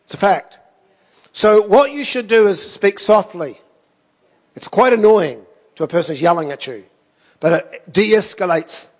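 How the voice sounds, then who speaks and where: A man's voice: sits high, animated, a little slow, big-room sound. A man preaching a sermon, telling stories in a conversational way with self-deprecating asides. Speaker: pastor.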